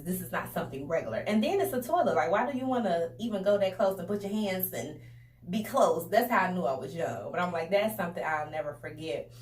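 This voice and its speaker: A young woman telling a casual storytime to her viewers in a chatty, animated way, often calling them y'all. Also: fairly low pitch. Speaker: vlogger. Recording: roomy echo, a bit distant from the mic.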